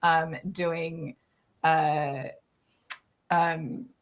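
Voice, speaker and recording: A woman with an Australian accent hosting a casual chat, talking in quick bursts full of fillers and restarts, laughing often. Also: sits low, flat delivery. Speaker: podcast host.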